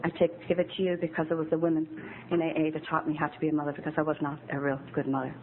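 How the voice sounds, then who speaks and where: Low-voiced woman telling her story, tinny recording. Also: flat delivery, rapid-fire. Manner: candid, emotional storytelling. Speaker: AA speaker. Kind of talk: personal recovery talk at a meeting. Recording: tinny phone-like old tape with faint hiss.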